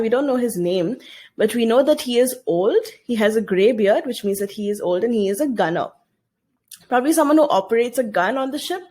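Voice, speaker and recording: A woman's voice: a little high, darkish tone. A woman teacher giving a recorded video lesson, reading a story aloud and explaining it, often asking her students questions.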